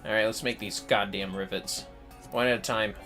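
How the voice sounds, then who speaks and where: A man's voice: lowish voice, fairly even intonation, normal speed, bright, forceful tone, soft background music. A man chatting casually while livestreaming a video game, swearing freely and answering chat. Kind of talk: casual gameplay commentary.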